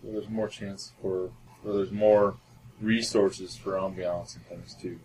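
Guy with lowish voice chatting from across the room, stumbles over words, lots of noise. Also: level tone, a little mellow. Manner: halting, repeats himself. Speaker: player. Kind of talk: casual chat. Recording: noisy, from a distance.

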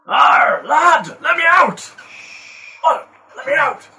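A desperate dwarf prisoner pleads in a thick put-on Scottish brogue, as a man acts him out. The voice rides high and bright, and it sounds caught from across a room with faint hiss behind it. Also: sing-song, takes it slowly, echoey room, distant mic, heavily acted. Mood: pleading. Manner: begging, calls everyone lad.

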